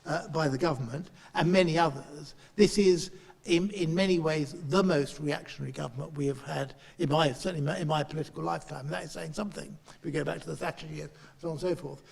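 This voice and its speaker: Gravelly man in reverberant room. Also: on the high side, a little mellow. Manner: halting, with frequent restarts. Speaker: chair and politician. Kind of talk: panel speech. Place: meeting room in Parliament.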